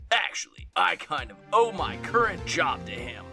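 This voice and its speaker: A man's voice: on the high side, big pitch swings, measured pace, gravelly, music in the background, exaggerated voice. A man playing a bumbling young lawyer. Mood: sheepish. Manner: bumbling, self-deprecating. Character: nervous, hapless young male defense attorney.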